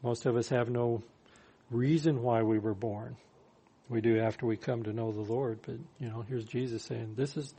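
A man's voice: medium pitch, fairly even intonation, unhurried, dark tone, slightly rough. A man preaching a sermon, reading scripture aloud and explaining it with dry humor. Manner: reads verses then explains with dry humor. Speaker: pastor.

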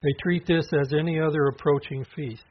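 Husky male preacher, dull recording. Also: on the high side, steady tone, a little fast. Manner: conversational, with fillers and asides. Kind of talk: verse-by-verse Bible teaching.

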